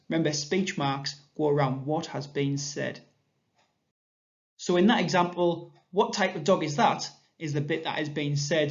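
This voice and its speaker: A man's voice: on the high side, darkish tone. Man teaching a patient grammar lesson. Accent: English. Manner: clear, patient explanation, reading examples aloud with lifted voice. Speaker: primary school teacher. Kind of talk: recorded grammar lesson for children. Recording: dull lo-fi sound.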